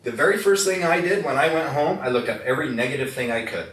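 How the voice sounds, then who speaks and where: A man's voice: on the high side, fast, a bit bright. A man giving a live product demonstration to an audience, telling stories and quizzing the crowd. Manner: folksy storyteller who quizzes the crowd. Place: indoor room with audience. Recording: echoey room, distant mic, faint noise.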